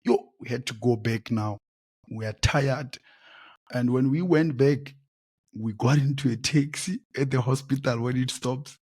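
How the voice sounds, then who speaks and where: Husky-voiced South African man telling stories. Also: medium pitch, unhurried. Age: late 20s. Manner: animated, repeats phrases, exclaims "yo". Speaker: podcast host. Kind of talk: personal storytelling monologue.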